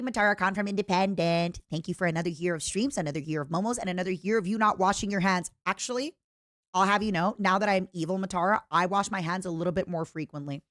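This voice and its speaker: A woman's voice: mid-range voice, brisk, no room sound, clean studio sound. A woman streamer chatting casually and reading viewer letters aloud, in a playful, self-mocking way.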